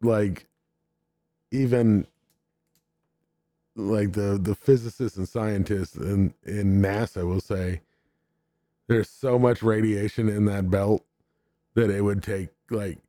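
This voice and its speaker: Male podcast guest, low mellow voice, laughs mid-sentence, halting, dry close sound. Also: steady tone, no room sound. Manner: laughing, halting, lots of fillers. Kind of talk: casual podcast chat.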